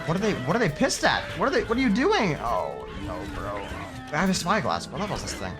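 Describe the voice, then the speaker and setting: A young man narrating his survival game run and reacting excitedly and sarcastically, swearing often. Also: fairly high pitch, brisk, hardly any pauses, music in the background. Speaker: gaming video creator. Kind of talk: game commentary with scripted narration.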